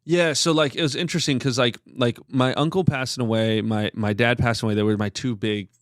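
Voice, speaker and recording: A man's voice: medium pitch, fairly even intonation, brisk, no echo, clean studio sound. A man in his thirties, a podcast guest, sharing a personal story in an earnest, rambling way with many filler words. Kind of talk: candid conversational storytelling.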